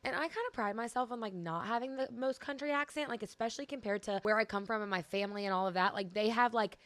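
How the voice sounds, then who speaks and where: A woman's voice: on the high side, quick pace, fairly bright tone, no echo. Chatty Louisiana woman with a twang. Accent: Louisiana country twang. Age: 20s. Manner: chatty, sassy, rambling with many likes. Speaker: podcast host. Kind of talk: casual solo podcast chat. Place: home room with washer and dryer running.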